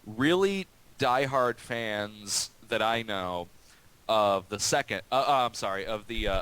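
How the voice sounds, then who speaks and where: A man's voice: lowish voice, very animated, a little slow, fairly bright tone, rough recording. A man hosting a casual stream chat, talking in a profane, rambling way with many restarts.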